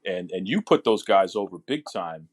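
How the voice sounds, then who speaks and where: Lowish voiced guy hosting a wrestling podcast, eager and chatty, trips over his words. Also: lively intonation, normal speed. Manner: enthusiastic fan, restarts words often. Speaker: podcast host. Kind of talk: casual podcast chat.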